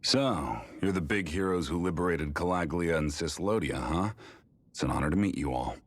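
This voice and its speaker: An actor playing an easygoing older brother in a game cutscene, talking in a relaxed, wry way. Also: male voice, low-pitched, moderate pace. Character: easygoing grown man, calm older brother. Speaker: game character. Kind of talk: video game cutscene dialogue.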